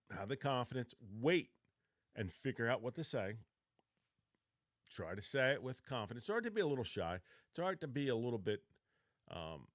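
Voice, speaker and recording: With a voice on the low side, this fifties-aged podcaster rambles through job interview tips, frequently fixing his sentences partway through. He acts out both interviewer and candidate in practice exchanges, recorded at studio quality with no room sound.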